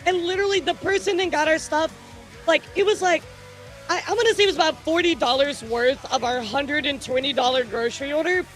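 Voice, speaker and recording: A woman streamer chats casually with her viewers, telling animated stories and swearing freely. Her voice sits fairly high, with faint music underneath. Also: brisk. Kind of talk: casual livestream chat.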